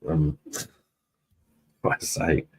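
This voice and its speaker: A man's voice: drawn-out words, a little hiss or hum. A man hosting a live-stream beer review, chatting casually with viewers in a blunt, sweary way and laughing often.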